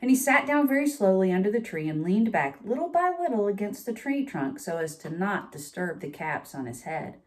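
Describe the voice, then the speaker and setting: A woman's voice: medium pitch, very animated, moderate pace, hardly any pauses. A woman reading a picture book aloud to children, with chatty asides to her young listeners. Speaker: storytime reader.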